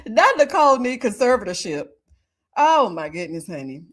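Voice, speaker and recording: A woman hosting a casual live stream, chatting with viewers and reading their comments, often breaking into laughter and drawn-out murmurs of agreement. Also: a little high, big pitch swings. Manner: chatty, talks straight to viewers.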